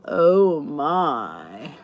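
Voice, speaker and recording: A woman's voice: sits low, no room sound. A middle-aged woman hosting her channel, chatting casually and enthusiastically to viewers in a rambling way. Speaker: YouTube channel host.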